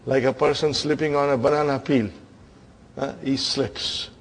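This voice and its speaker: A man's voice: medium pitch, little pitch movement, moderate pace, vocal fry. A man teaching Arabic grammar to a class, quizzing students and often checking in with "huh?" and "are you with me?". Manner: playful storytelling teacher. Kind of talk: classroom lesson.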